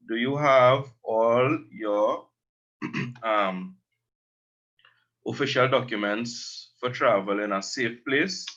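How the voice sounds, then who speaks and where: Slow, bright-voiced man teaching a language. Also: medium pitch, highs cut off. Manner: slow, explains words and repeats them. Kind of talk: spoken language lesson.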